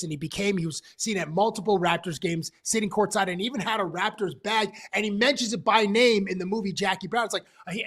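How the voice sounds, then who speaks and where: High-voiced rambling man co-host. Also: a bit bright. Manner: rambling, many fillers and restarts, enthusiastic. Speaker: sports talk show co-host. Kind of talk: casual chat.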